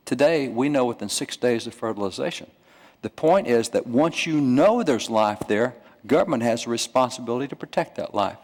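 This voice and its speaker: A man giving an emphatic lecture to a church audience, repeating his points with rising stress. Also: mid-range voice. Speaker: guest speaker. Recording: long reverb of a church hall.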